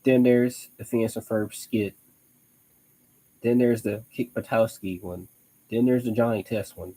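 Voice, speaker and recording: A young man talks casually on a live stream, rambling and restarting his sentences. His voice sits a little low and has a husky, breathy edge. He breaks into laughs often. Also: steady tone, unhurried, dark tone, poor audio. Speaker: host of a live online show.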